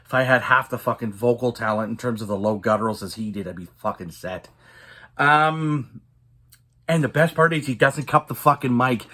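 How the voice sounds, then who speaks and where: Man, metal record review vlog, heavy swearing, rambling rants, mid-pitched voice. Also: normal speed, sharp tone. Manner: profane and ranting, many fillers. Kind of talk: casual vinyl review vlog.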